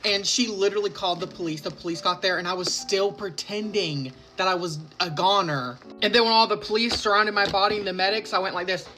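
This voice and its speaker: A man casually telling a comic story from his childhood, animated, swinging between loud and soft and drawling his punchlines. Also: high-pitched, a little fast, hardly any pauses, faint music behind. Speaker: storytime narrator.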